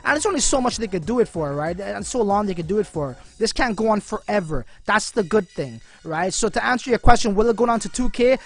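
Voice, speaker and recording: A man's voice: high-pitched, animated, fairly quick, hardly any pauses. Slangy livestream host man. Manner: slangy, filler-heavy, addresses viewers as man and bro. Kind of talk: casual live-stream chat.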